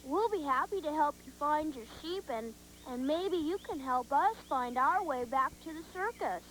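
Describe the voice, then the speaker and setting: A woman voicing Dumbo as a gentle, kind young elephant on a children's TV show, talking in a soft, reassuring, unhurried way. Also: high voice, animated, a little hiss or hum, rough recording.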